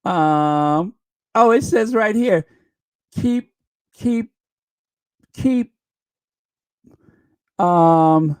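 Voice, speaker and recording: A woman's voice: on the low side, lively intonation, very slow, pauses often, a little mellow, clean tone. A woman hosting a live stream, casually chatting and reading viewer comments with lots of laughter and exclamations. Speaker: livestream host reading super chats.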